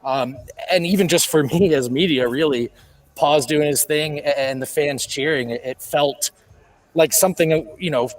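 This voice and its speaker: A man reporting remotely from an arena, relaxed and a little worn out. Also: on the high side, normal speed, rough recording. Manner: relaxed, tired-sounding. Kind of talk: casual remote chat.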